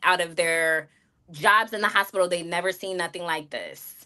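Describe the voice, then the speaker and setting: A woman's voice: on the low side, moderate pace, bright, forceful tone. Frank, rambling woman streamer. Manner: rambling, frank, talks straight to chat. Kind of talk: candid livestream storytelling.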